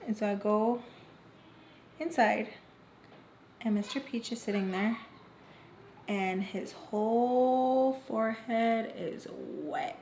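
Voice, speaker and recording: A woman's voice: fairly high pitch, takes it slowly, long pauses, a little mellow. A woman vlogger telling a personal story to her viewers in a chatty, dramatic way. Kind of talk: casual storytime chat. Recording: echoey room with faint noise.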